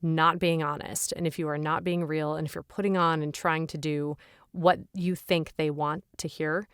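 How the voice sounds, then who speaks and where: A chatty woman, a voice actor, talks casually in a podcast interview and laughs often. Her voice sits a little low. The sound is close and dry, with no room echo. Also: little pitch movement, moderate pace, clean tone. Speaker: professional voice actor, podcast guest.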